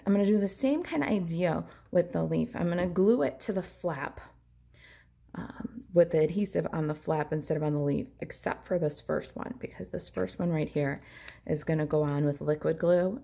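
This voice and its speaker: A woman's voice: sits low, creaky, mellow. A woman demonstrating a papercraft project, chatting in an upbeat way as she narrates each hands-on step. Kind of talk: crafting tutorial.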